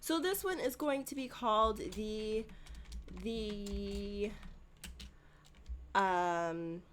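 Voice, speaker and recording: Woman host, casual gameplay commentary, mid-pitched voice, chatty and giggly, speaks to viewers directly. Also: extremely slow, fairly bright tone, a little hiss or hum.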